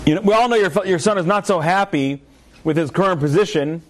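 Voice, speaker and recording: A man's voice: high voice, a little fast, slight background noise, close to an everyday voice. A man voicing a loyal, longtime female executive assistant who reports urgently to her boss.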